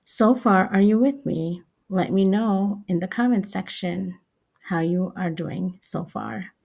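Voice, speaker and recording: A woman teaching English writing step by step, slow and deliberate, repeating each example sentence. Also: mid-range voice, animated, creaky, a little mellow.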